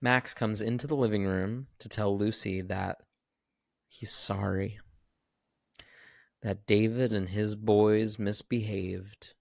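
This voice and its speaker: A man co-hosting a podcast, recapping a film in animated casual chat and swearing freely. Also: fairly low pitch, slow pace, gravelly, pauses often, no echo, studio quality. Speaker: podcast co-host.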